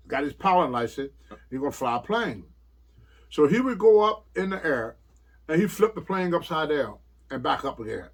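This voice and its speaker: A slightly high, gravelly male voice belongs to an older former wrestler being interviewed. He wanders through casual stories, laughs frequently and acts out what people said.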